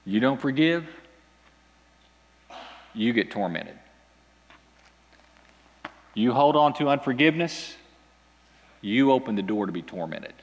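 A man preaching a sermon to a congregation, telling a scripture story with animated, dramatic delivery and big swings in pitch. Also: takes it slowly, pauses often, long reverb tail. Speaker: pastor. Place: church hall with an audience.

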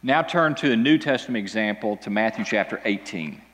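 A man preaching a sermon to a congregation, telling a scripture story with animated, dramatic delivery and big swings in pitch. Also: a little fast, long reverb tail. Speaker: pastor. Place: church hall with an audience.

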